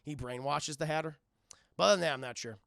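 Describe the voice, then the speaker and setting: A man giving excitable, profane live-stream commentary while talking to his chat. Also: on the high side, fast talker, gravelly, no echo, studio quality. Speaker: streamer and show reviewer.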